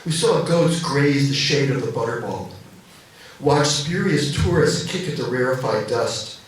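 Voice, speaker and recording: A man reads his own poems to a cafe audience, his voice at a middling pitch. Between poems he stumbles through casual introductions, restarting and filling gaps with ums. He sits far from the microphone in a very roomy space, with faint room noise behind him. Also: expressive, unhurried. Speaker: poet reading his own work. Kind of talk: poetry reading with spoken introductions. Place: cafe reading venue. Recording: roomy echo from a distant mic.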